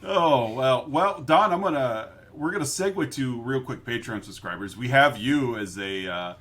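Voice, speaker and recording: A man's voice: mid-range voice, animated, normal speed, fairly bright tone. A young adult man co-hosting a movie podcast, joking and rambling with many restarts. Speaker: podcast co-host. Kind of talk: casual chat.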